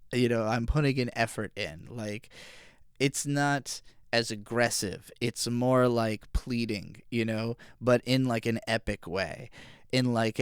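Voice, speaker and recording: A man's voice: mid-range voice, clear, resonant tone, no room sound, clean studio sound. A young man from Virginia talking through his favorite albums in a rambling, emotional way, full of fillers. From Virginia, USA. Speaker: music reviewer. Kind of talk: casual album review monologue.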